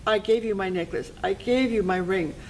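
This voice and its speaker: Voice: mid-range voice, normal speed, slight background noise, voice pushed up, close to an everyday voice, rough recording. A storyteller doing a frightened, pleading young girl. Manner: pleading, breathless, stammering. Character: frightened young girl who becomes queen.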